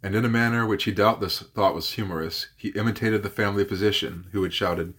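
Low husky man reading a novel aloud. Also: steady tone, fairly bright tone. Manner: measured, with occasional slips and corrections. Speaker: guest reader. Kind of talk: audiobook narration.

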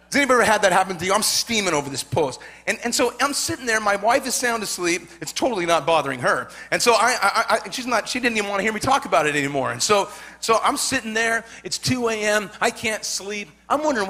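Male pastor, high bright voice, lively storytelling sermon, calls for amens. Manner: animated storytelling, repeats words, asks congregation for amen.

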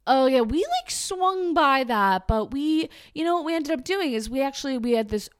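A woman putting on the voice of boastful young male college partiers, bragging and excited. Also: high voice, moderate pace, voice pushed up.

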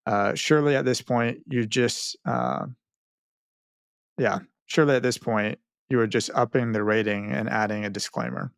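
Male podcast host, middle pitch, dry close mic, wry and self-mocking. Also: normal speed, vocal fry, dry recording. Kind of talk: casual podcast chat, reading listener mail.

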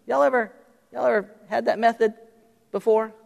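Middle-aged male pastor, high voice, chatty sermon delivery, long reverb of a church hall. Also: fairly even intonation, moderate pace, creaky. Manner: conversational, addresses congregation directly.

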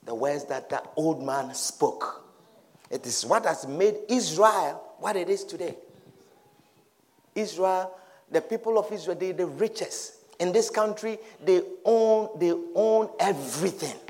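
Male preacher, sermon, very high voice, slow, dramatic, repetitive. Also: expressive. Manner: dramatic, repetitive, often shouting.

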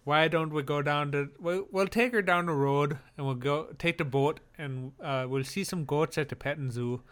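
A man's voice: on the high side, moderate pace, a bit bright, smooth, lightly acted. A man voicing a cheerful, folksy small-town Northern man who rambles on in a homespun, neighborly way. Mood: jolly.

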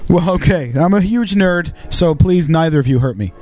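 A man's voice: high-pitched, lively intonation, moderate pace, a little mellow. A man co-hosting a podcast in casual chat, with playful, anxious, self-mocking whining. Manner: anxious, jokey, whiny self-deprecation. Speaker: podcast co-host.

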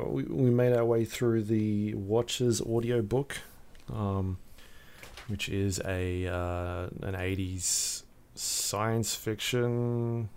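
A man hosting a casual podcast in a relaxed, easygoing way. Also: on the low side, clean tone. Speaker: podcast host.

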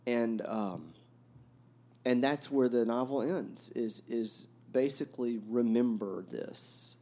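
A man hosting a podcast about a novel, talking reflectively and haltingly, with many fillers and restarts. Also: medium pitch, mellow. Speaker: podcast host discussing a novel. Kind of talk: reflective casual talk.

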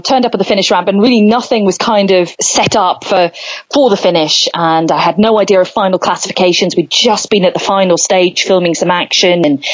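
A woman's voice: lowish voice, no echo, lo-fi sound. A woman, a guest presenter, chatting on a podcast and telling stories cheerfully. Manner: cheerful storyteller. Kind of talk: casual podcast chat.

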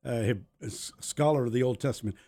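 A man's voice: mid-range voice, brisk, dark tone. A man co-hosting a podcast, telling anecdotes in a casual faith discussion. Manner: anecdotal storyteller. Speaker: podcast co-host.

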